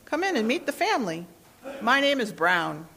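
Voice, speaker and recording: A woman's voice: fairly high pitch, big pitch swings, moderate pace, pushed and bright, full character voice. Polite, welcoming male rabbit from a storybook, read by a woman. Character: courteous, friendly grown male rabbit.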